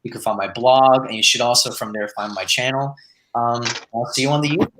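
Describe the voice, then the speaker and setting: A man's voice: mid-range voice, brisk, noisy background. A man from the United States, a guest modeller on a live stream, explaining his work casually with many fillers. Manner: relaxed, rambling explanations with fillers.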